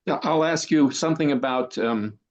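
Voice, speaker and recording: A man's voice: fairly high pitch, normal speed. A man interviewing over a video call, asking questions and offering brief, encouraging remarks. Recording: dull video-call audio.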